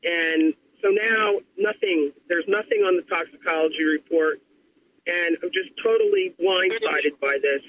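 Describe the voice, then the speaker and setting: A woman calling in to a radio show, speaking in a shaken, halting way about a loss in her family. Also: lowish voice, sing-song. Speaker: caller. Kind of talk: phone-in call. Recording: dull lo-fi phone line with faint noise.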